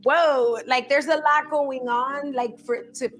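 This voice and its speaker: A woman's voice: high voice, steady tone, unhurried, a bit bright, faint music behind. A woman in her thirties co-hosting a casual chat, candid and profane, with lots of fillers and emphatic asides. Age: 30s. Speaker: podcast co-host.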